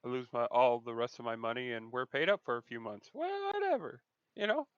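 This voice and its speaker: A man's voice: medium pitch, very animated, brisk, clean tone, no echo, lo-fi sound. A man playing a tabletop game, talking hesitantly with many fillers over voice chat. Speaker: player. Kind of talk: casual tabletop play.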